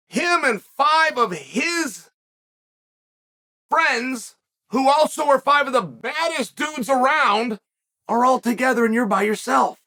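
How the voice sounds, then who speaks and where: Man, middle-aged, solo commentary host, very high voice, emphatic shouted bursts. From western United States.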